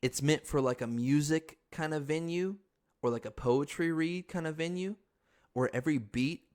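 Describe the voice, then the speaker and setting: A young man hosting a podcast, telling a story in a frantic, excitable, swearing casual chat. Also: on the high side, normal speed. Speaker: podcast host.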